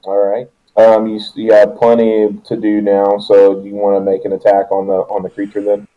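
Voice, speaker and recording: A man's voice: on the low side, monotone, moderate pace, muffled recording. A young man running a tabletop game as its game master, joking and laughing through loose narration.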